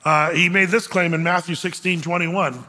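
Man, preacher, high voice, emphatic sermon, long hall reverb. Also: fairly even intonation, normal speed, pushed and bright. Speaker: pastor.

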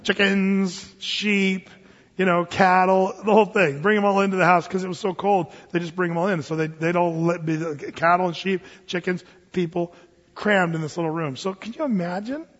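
A male pastor in his forties gives an animated sermon and slips into playful voices as he tells everyday stories. His voice sits high and sounds husky. The recording is dull and lo-fi, with a long reverb from a large hall. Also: normal speed. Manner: animated storytelling, acting out voices in quoted asides.

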